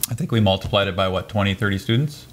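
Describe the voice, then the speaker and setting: A man's voice: on the low side, very fast, slight background noise. A man co-hosting a podcast, chatting casually and prompting his co-host with questions. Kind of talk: casual chat.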